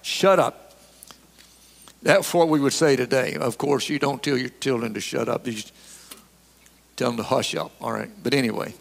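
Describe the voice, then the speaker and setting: A man preaching a sermon, emphatic, climbing high for mocking asides and dropping low and soft when he prays. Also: steady tone, brisk, vocal fry. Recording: long hall reverb.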